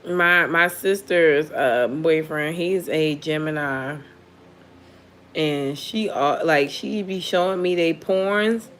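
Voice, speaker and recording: A woman's voice: deep voice, takes it slowly, fairly bright tone, a little hiss or hum. A woman who reads tarot, telling a story in casual chat with blunt, profane talk and frequent laughter. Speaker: tarot reader.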